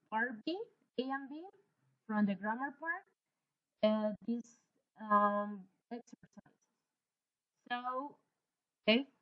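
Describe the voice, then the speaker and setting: Woman teacher on a video call, a bit high voice, kinda muffled audio, patient explaining. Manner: patient, explains slowly with checking "right?". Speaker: English teacher. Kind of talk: online grammar lesson.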